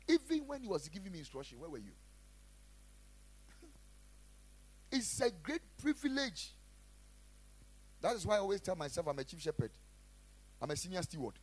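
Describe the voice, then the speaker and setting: A man preaching a sermon as pastor, emphatic, repeating phrases and swinging between loud and quiet. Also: sits high, slightly rough. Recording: faint music behind.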